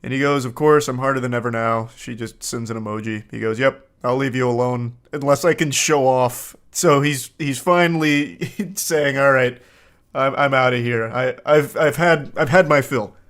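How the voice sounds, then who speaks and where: A man's voice: medium pitch, moderate pace, fairly bright tone. A man in his thirties hosting reaction commentary, reading dating texts aloud with incredulous, crude outbursts. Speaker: commentary host.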